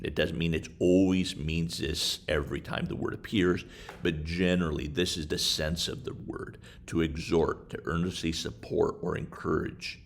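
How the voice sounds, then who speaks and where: A man giving a casual screen-share tutorial on study software, talking in a halting way with many fillers. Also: extremely low pitch, vocal fry, slight background noise. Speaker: instructor. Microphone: desktop microphone while screen recording.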